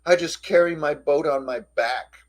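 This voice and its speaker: A man voicing a lonely, grieving male troll boatman who speaks in a sad, halting way. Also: fairly high pitch, close to an everyday voice. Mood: mournful.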